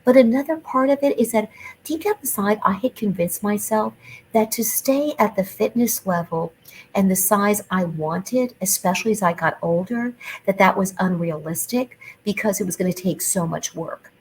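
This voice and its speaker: A middle-aged woman hosts a solo podcast in a chatty, animated way, tossing in playful asides. Her voice sits at an ordinary pitch for a woman. A faint hiss of noise runs underneath. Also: moderate pace, rough recording. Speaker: podcast host.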